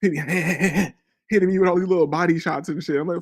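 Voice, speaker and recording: A man's voice: fairly high pitch, steady tone, brisk. Profane man telling a rambling story. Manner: profane, rambling, keeps asking "you feel me". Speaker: podcast host. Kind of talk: crude storytelling on a podcast.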